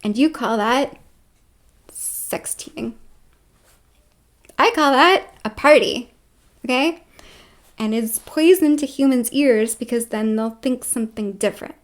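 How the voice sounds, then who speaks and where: A high-pitched woman vlogs straight into the camera, rambling loosely and leaning on fillers. She talks slowly with long pauses, alternating between loud stretches and near-whispers.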